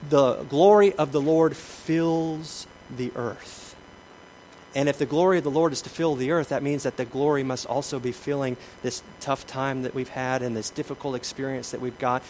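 A man preaching a sermon, shifting between lively emphasis, acted-out quotes and quiet asides. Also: medium pitch, slight background noise, rough recording. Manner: animated preaching, acts out quoted voices, drops to soft asides. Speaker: pastor.

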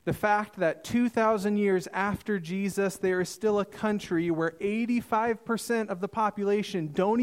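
A man in his thirties preaching a sermon, reading scripture and acting out the dialogue with lively storytelling. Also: sits high. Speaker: missionary preacher.

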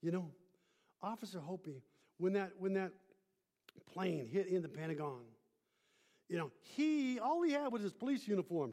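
A man preaching a sermon as pastor, swinging between emphatic rising calls and hushed, quiet lines, with call-and-response to the congregation. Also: sits high, big-room sound.

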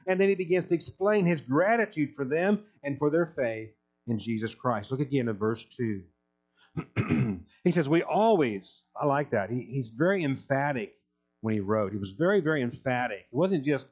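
Man, pastor, sermon, emphatic, slightly high voice, dull lo-fi recording. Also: expressive, moderate pace. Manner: emphatic, reads scripture aloud then explains it.

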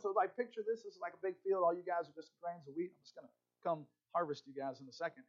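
Higher-voiced man preaching a sermon. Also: racing, a bit bright, highs cut off. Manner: expository preaching with asides to the congregation; reads scripture aloud with rising emphasis. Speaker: pastor.

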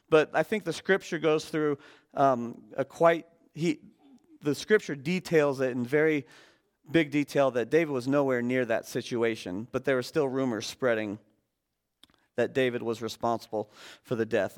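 A man preaching as a guest speaker in a relaxed, conversational sermon, joking with the congregation and using many fillers. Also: mid-range voice. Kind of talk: casual sermon.

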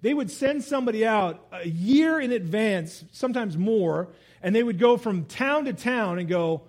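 A middle-aged man delivers a sermon with a noticeably high-pitched voice. He moves between reading scripture and loose, conversational asides, keeping the tone animated. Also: normal speed, few pauses. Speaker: pastor.

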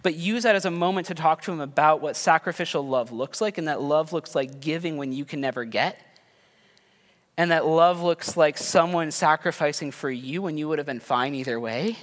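A man's voice: fairly high pitch, normal speed, fairly bright tone. A man in his thirties preaching a sermon in a casual, conversational way, with self-deprecating stories about his family. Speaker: pastor. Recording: long hall reverb.

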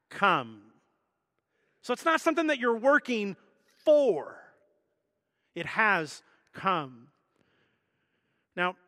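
A man's voice: high-pitched, pushed and bright, dry recording, studio quality, in a large hall. A man preaching a sermon as pastor, teaching in a conversational way with self-deprecating jokes.

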